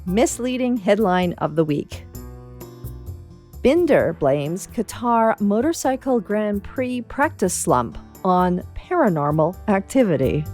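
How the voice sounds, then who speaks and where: A woman's voice: mid-range voice, big pitch swings, slow pace, a little mellow, faint music behind. Wry Canadian woman reading the news. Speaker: newsletter reader. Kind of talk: scripted news read.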